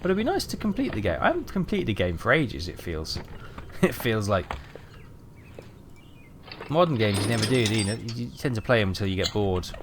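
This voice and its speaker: A man's voice: on the low side, very animated, moderate pace, long pauses, noisy background. A British man giving chatty, rambling live commentary while streaming a game, with dry joking asides.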